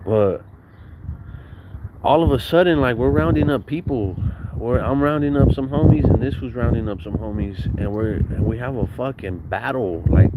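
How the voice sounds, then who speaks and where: A man's voice: medium pitch, phone-quality sound. A young man from Southern California telling profane, slang-heavy stories from his childhood in a casual way. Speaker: vlogger. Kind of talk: casual storytelling. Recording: noisy recording.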